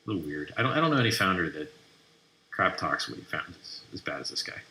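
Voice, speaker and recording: A man's voice: sits low, big pitch swings, quick pace, sharp tone. A man hosting a live stream, brashly mocking and trash talking as he reads through posts. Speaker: livestream host. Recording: roomy echoey room.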